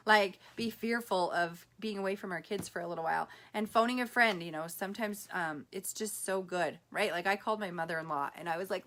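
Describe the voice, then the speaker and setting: Upbeat woman in her thirties hosting a casual live stream, chatty and warmly animated as she retells conversations. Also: mid-range voice. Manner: upbeat, chatty, lots of fillers and quoted dialogue.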